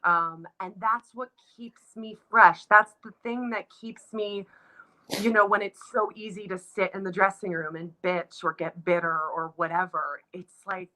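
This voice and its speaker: A woman's voice: medium pitch, fairly even intonation, measured pace, sharp tone, low-quality recording. A woman in her thirties, a dancer, talking casually and reflectively in an interview, with many restarts and fillers. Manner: reflective, gets emotional, many restarts and likes. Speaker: guest, Broadway dancer.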